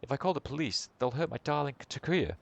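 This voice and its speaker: A man voicing a fretful, doting woman in a high, pleading falsetto while reading game dialogue aloud. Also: animated, quick pace, creaky, a little hiss or hum.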